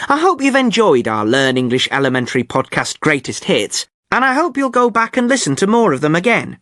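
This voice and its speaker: Clear, amused male podcast host. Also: high-pitched, a bit bright, no room sound, clean studio sound. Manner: friendly, clear, lightly amused. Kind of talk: scripted learner podcast presenting.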